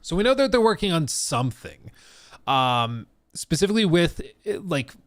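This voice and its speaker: A chatty male streamer talking casually with a lively, swinging pitch. His voice sits close and dry on the mic, with no room sound around it. He laughs often as he chats. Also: moderate pace, no echo. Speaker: streamer host. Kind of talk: casual live-stream chat.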